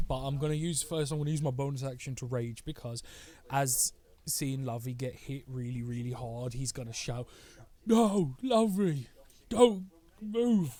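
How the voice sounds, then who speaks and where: A man playing a tabletop role-playing game, excitable and laughing, swearing as he describes his character's attacks. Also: mid-range voice. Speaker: player.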